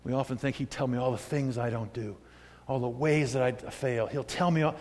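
A man in his sixties preaching a sermon, moving between loud emphatic peaks and hushed, quiet asides. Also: medium pitch, steady tone, fairly quick, a little hiss or hum. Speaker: pastor. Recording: long hall reverb.

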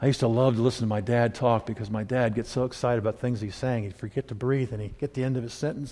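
A man preaching a sermon in a conversational, excitable way that rises with emphasis. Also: medium pitch, quick pace, few pauses. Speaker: pastor. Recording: long hall reverb.

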